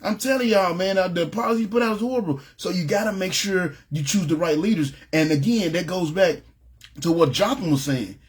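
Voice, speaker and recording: A man's voice: high voice, fairly quick, slightly rough. A man teaching a casual Bible lesson to a ministry group, talking conversationally and often checking in with his listeners. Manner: conversational, often asks "you know what I'm saying".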